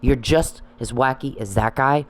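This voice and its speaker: A man's voice: mid-range voice, unhurried, rough recording. A man delivering an angry, profane monologue that scolds people he addresses. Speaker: commentary channel host.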